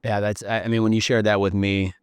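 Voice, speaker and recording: A man with a low voice hosts a podcast interview. He speaks earnestly and in a measured way, affirming what his guest has shared. The recording is close and dry. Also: level tone, smooth, no room sound. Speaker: podcast host, coach. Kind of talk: reflective interview talk.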